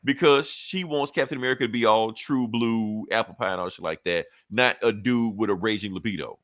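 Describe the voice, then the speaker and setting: A man's voice: fairly low pitch, fairly quick, a bit bright, no echo, studio quality. A man co-hosting a podcast, retelling a comic episode in a loose, rambling, profane way. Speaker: podcast co-host. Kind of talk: casual comic recap.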